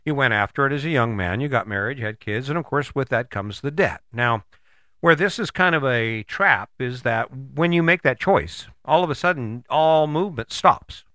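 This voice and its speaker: Male host, bright forceful voice, dry close sound; loose, rambling motivational talk full of restarts. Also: mid-range voice, expressive, moderate pace, no echo. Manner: conversational, rambling, frequent restarts. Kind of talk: motivational monologue.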